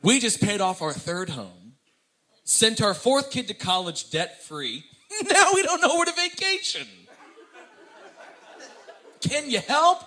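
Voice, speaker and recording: A man voicing a giddy, wealthy radio call-in caller who gushes in a high whine. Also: very animated, slow pace, long pauses, pushed and bright, exaggerated voice. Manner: gushing, high squeaky whine.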